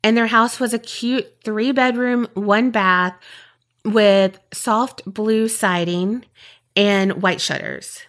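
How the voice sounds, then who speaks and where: A woman's voice: medium pitch, fairly even intonation, takes it slowly, fairly bright tone. A woman with a Southern US accent, co-hosting a podcast with rambling, chatty talk and then telling a story. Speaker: podcast co-host. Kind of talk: casual chat and storytelling.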